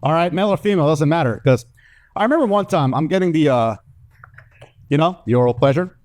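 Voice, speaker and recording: A young man from the American South with a Southern accent, doing a stand-up comedy set before a live audience with lively storytelling. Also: fairly high pitch, fast. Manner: animated, lively storytelling with acted-out voices.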